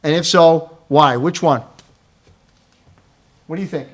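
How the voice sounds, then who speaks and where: Speaking unhurriedly in a slightly high voice, a man gives a crisis intervention training talk live, asking the room questions and tacking "right?" onto his points.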